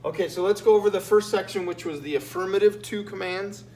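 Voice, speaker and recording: A Spanish teacher with a high-pitched, slightly mellow voice talks quickly while walking students through a written exam. He checks in with "okay?" frequently and explains patiently, repeating himself. It's a recorded lesson in an echoey room with a faint hum.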